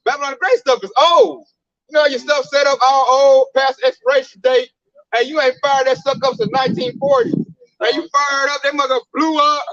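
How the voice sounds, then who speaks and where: High-voiced guy doing a bible lesson, blunt, slangy, muffled and dry sound. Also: animated, moderate pace, fairly bright tone, no room sound. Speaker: Bible teacher. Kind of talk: casual street preaching.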